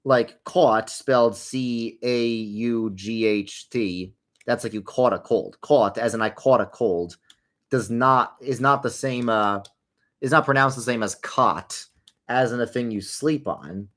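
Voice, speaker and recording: A man's voice: medium pitch, a little slow, fairly bright tone. A young man hosting a casual livestream, answering viewer questions while he plays a game, rambling along with wry, sarcastic asides.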